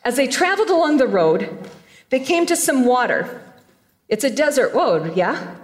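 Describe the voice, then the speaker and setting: High-voiced woman preaching a lively sermon. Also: moderate pace. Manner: animated storytelling, playful asides. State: choked up with emotion.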